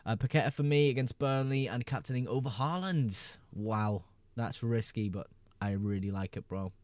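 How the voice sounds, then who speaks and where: A man with a mid-range voice and darkish tone hosts a casual fantasy football livestream, reading viewer questions aloud, answering quickly, and laughing often. The recording is dry.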